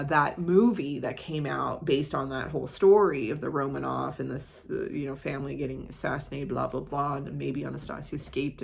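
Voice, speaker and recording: A woman's voice: low voice, gravelly. An American woman chatting casually in her art vlog, rambling through side stories and swearing offhandedly. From United States. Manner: rambling, full of tangents and asides. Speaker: art vlogger. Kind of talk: casual chat.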